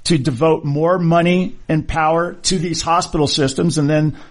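Argumentative man with a raised pitch. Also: steady tone, moderate pace. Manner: conversational, argumentative, rhetorical questions. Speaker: orthopedic surgeon. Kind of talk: casual monologue.

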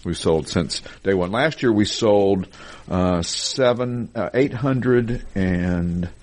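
Middle-aged man, lowish voice, casual podcast host, chatty, laughs easily. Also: slow, a little mellow. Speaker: podcast host, car dealership spokesman.

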